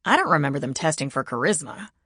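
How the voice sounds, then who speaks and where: A woman's voice: sits low, big pitch swings, fast talker, a bit bright, slightly rough, dry recording, clean studio sound, full character voice. A woman narrator voicing a wisecracking young male American agent with a teasing, sarcastic manner.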